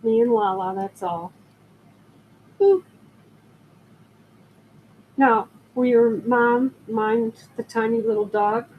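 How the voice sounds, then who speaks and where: An older woman talks slowly and casually on her live selling stream, her voice sitting a bit high. She rambles through stories between greeting viewers. A faint background noise runs under the recording. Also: phone-quality sound. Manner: chatty, rambling storyteller who greets viewers. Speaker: live-stream jewelry seller.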